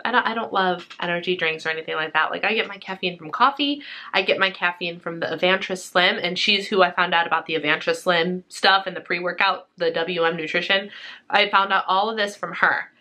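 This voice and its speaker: This young food vlogger speaks fairly quickly in a low, sharp voice, chatting upbeat and rambling with plenty of fillers. She's a bit out of breath.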